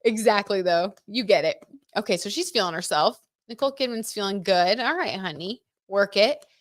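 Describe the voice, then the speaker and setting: Speaking at a normal pace in a mid-range voice, a tarot reader runs a casual livestream, giggly and chatty as she addresses viewers directly. The recording is dry, with clean studio sound.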